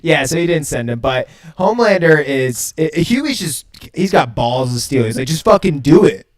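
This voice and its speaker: A man's voice: a little high, animated, moderate pace. A man co-hosting a podcast, recapping a TV episode in loose, laughing chat with plenty of swearing. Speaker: podcast co-host.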